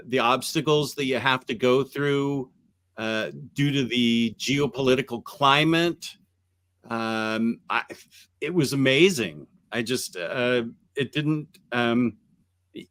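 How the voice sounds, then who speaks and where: A man hosting a casual podcast chat, talking haltingly with many ums and restarts. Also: medium pitch, fairly bright tone, smooth, dry recording. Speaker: podcast host. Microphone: USB microphone on computer.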